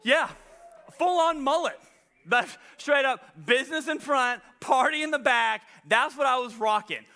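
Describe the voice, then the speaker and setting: Male pastor, casual sermon storytelling, self-deprecating, high bright tone. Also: measured pace. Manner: animated, self-deprecating storyteller, many "like" fillers.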